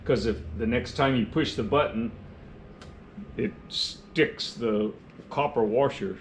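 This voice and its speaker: A man's voice: mid-range voice, takes it slowly. A man who builds motorcycles, talking shop in a casual, plainspoken, technical way. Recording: echoey room with faint background noise.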